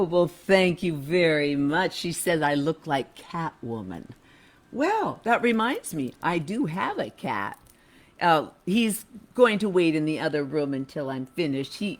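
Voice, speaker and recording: A woman hosting a chatty livestream show from her home studio, with playful, theatrical, campy humor. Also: fairly low pitch. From United States. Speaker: host and cabaret singer. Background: music.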